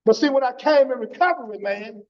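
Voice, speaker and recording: Man, high voice, preaching his testimony with fervor, keeps saying "man"; muffled church stream audio. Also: brisk. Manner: fervent, repeats phrases, tags lines with "man".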